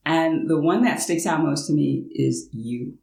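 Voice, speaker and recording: A woman's voice: deep voice, a little slow, vocal fry, a little mellow. Chatty American woman in an echoey room. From United States. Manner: chatty and explanatory, with playful reenacted asides. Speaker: language-learning vlogger. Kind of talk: casual talking-head vlog. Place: her home in France.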